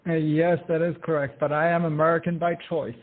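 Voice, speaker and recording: A man's voice: a little high, little pitch movement, brisk. A man from Germany with a German accent, an inventor being interviewed, speaking upbeat and enthusiastic. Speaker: guest, inventor. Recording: tinny phone-like line.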